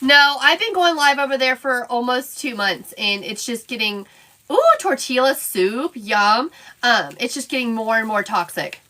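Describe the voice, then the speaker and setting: While making wreaths and decor on a live stream, a high-voiced, lively woman keeps up casual chatter at normal speed. She greets viewers by name and responds to their comments as she crafts.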